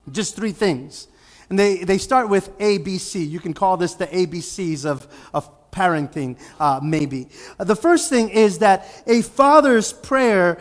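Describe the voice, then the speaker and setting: High-voiced preacher in a reverberant church. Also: male voice. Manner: conversational preaching with emphatic rhetorical questions. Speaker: pastor. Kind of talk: sermon. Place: church sanctuary.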